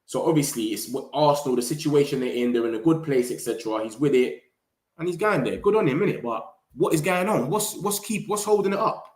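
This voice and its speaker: A man hosting a fan live stream, reading comments in slangy, animated chat. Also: medium pitch, fast talker, echoey room. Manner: slangy, animated, hypes viewers. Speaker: fan channel host.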